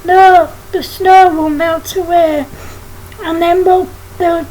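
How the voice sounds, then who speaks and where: Gentle gang leader kid, read by a woman. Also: very high voice, steady tone, slow pace, a little hiss or hum, low-quality recording. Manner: gentle, reassuring.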